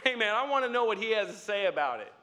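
A man preaching a sermon, laughing often and building up to loud exclamations. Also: sits high, very animated, brisk, heavy background noise. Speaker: pastor.

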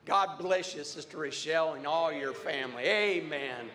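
A man's voice: fairly high pitch, normal speed. A man preaching a sermon in a church, fervently calling out praise again and again. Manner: fervent, repeating praise calls. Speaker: pastor. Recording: noisy church with loud crowd. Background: congregation noise.

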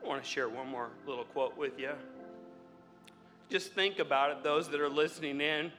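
A man preaching a sermon, laughing often and building up to loud exclamations. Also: a little high, moderate pace, faint music behind. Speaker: pastor.

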